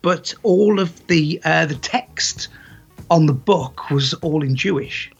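A man chatting casually as a podcast guest, animated and laughing often, with a husky voice. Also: on the high side, slow pace, soft background music. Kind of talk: casual chat. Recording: dull lo-fi sound.

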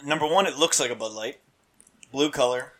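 A man co-hosting a podcast, laid-back and quick to laugh, rating a beer. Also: medium pitch, fairly bright tone. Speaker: podcast co-host. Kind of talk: casual podcast banter.

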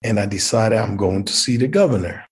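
A man's voice: lowish voice, expressive, fairly quick, husky. A man from Liberia, animatedly telling a personal story and acting out the dialogue.

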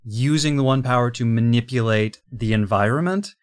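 A man's voice: medium pitch, normal speed. A man co-hosting a podcast who talks casually and lays out his opinions at length. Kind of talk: casual chat.

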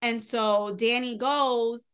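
A woman's voice: on the high side, fairly even intonation, slow pace, a bit bright, clean tone. A woman co-hosting a podcast, casually retelling a novel's plot in a chatty way, full of fillers and quoted dialogue. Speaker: podcast co-host. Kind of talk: casual book recap.

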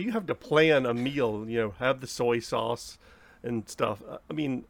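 A man's voice: mid-range voice, lively intonation, normal speed, vocal fry, no echo. A man in an improvised comedy scene, rambling in an aggrieved tone about a complaint.

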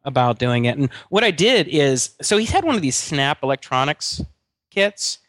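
A man's voice: a little high, sing-song, normal speed, a bit bright, no echo, clean studio sound. A middle-aged man co-hosting a podcast in casual chat, rambling with many restarts and fillers. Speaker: podcast co-host.

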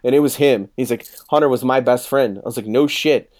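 Man, thirties, casual chat, swears a lot, acts out quotes, mid-pitched. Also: fairly quick. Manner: profane, animated storyteller acting out quotes.

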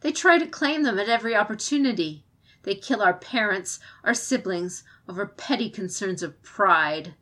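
A woman voicing a fierce, defiant female samurai advisor, speaking with forceful, impassioned pleading in an audiobook. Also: mid-range voice, lively intonation, moderate pace.

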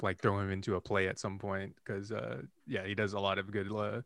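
A man co-hosting a casual podcast with a low but bright, forward voice. He jokes around and rambles loosely, his sound dry and close. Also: level tone, fairly quick, gravelly, no echo. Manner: joking, rambling with fillers. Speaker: podcast co-host. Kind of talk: casual chat.

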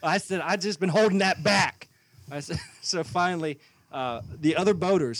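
This podcast co-host, a man with a medium-pitched voice and no audible room sound, chats casually while relaying a story. He voices both parties in an argument as he goes.

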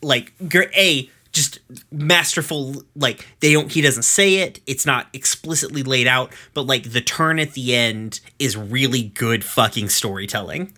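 A man in his thirties talks loosely through an episode recap, and his voice has a bright, forceful edge. He rambles and swears freely, with plenty of fillers and restarts. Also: mid-range voice, unhurried. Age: 30s. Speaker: podcast host recapping episodes. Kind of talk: casual chat.

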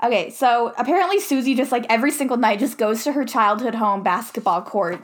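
Young woman podcaster, kinda high voice, laughs a lot, says like constantly. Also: a little fast. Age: young adult. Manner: giggly, talks with many likes. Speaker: podcast co-host. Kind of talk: casual chat recapping a movie.

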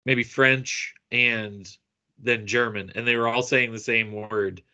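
A man's voice: mid-range voice, steady tone, slow, bright, forceful tone. A man chatting casually as a podcast co-host, easygoing and laughing along. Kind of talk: casual chat.

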